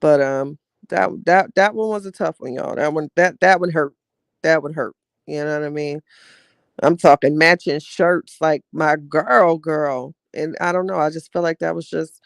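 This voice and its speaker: A man's voice: fairly high pitch, steady tone, normal speed, gravelly, no echo, clean studio sound. A man hosting a live podcast, telling a personal story in a candid way and talking straight to his viewers as he reads out their comments. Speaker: podcast host reading live chat. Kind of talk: casual livestream storytelling.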